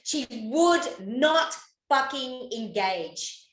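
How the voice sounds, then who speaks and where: High-voiced woman swearing freely. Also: lively intonation, very slow, reverberant, poor audio. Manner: swears freely, laughs often. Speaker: podcast co-host. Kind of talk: casual chat.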